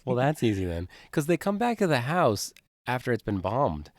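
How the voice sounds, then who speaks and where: A man's voice: medium pitch, big pitch swings, moderate pace, no room sound. A man co-hosting a casual film discussion, making wry, conversational remarks. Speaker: podcast co-host.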